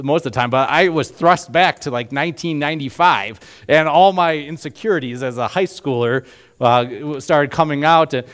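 A man in his forties preaching a sermon in a conversational way, with rhetorical questions and many fillers. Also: fairly high pitch. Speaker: pastor.

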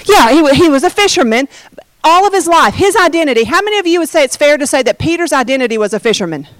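Leading a casual Bible study, a woman speaks quickly in a high voice with lively intonation, chattering, joking on the side, and cutting herself off mid-thought. The recording is dry and rough.

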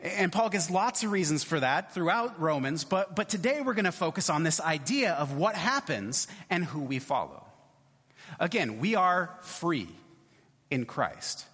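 Higher-voiced man preaching in a reverberant church. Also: sing-song, a little slow, a bit bright, husky. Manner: conversational, repeats "right?" often. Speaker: pastor. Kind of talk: sermon.

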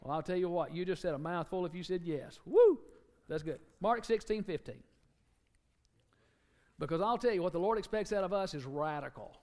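Preaching with emphasis, this Alabama man in a Southern accent moves between loud and quiet passages and hammers home key words by repeating them. He speaks fairly quickly in a high-pitched voice.

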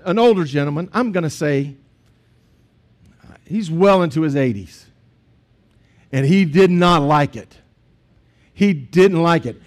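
A man, a pastor preaching a sermon in a conversational storytelling way with asides to the congregation. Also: high voice.

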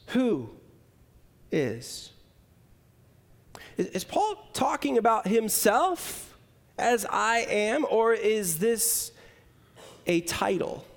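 A man with a high-pitched voice delivers a sermon. He builds rhythmic, repeated lists and swings between forceful emphasis and quiet, drawn-out lines. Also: very animated. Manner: dramatic swings between loud emphasis and hushed, slow lines; rhythmic, list-like repetition. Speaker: pastor.

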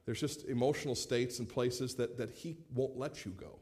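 A man in his late thirties preaching a sermon as pastor, animated, acting out quoted voices and repeating words as he starts phrases. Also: medium pitch, moderate pace. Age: 30s.

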